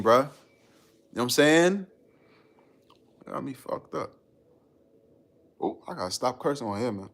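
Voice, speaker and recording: Unhurried and creaky, with long pauses, a medium-pitched man runs a laid-back live stream. He reads out comments from viewers, riffs on them in slang and laughs a lot.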